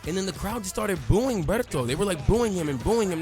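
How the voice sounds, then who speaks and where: Animated high-voiced man narrating a game. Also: fairly quick, creaky, hardly any pauses. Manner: animated, joking storyteller acting out crowd chants. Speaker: gaming YouTuber. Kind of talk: casual let's-play commentary. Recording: faint music underneath.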